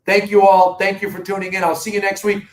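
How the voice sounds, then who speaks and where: Emphatic Boston man pitching to viewers. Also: monotone, fairly quick, echoey room, a little hiss or hum, low-quality recording. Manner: earnest, emphatic sales talk addressing viewers directly. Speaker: real estate company host. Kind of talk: live video market update.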